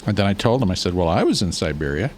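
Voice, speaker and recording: Man, radio show regular, lowish voice, easygoing storyteller, faint background noise. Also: sing-song, racing, darkish tone. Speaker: radio show regular, short-term missionary.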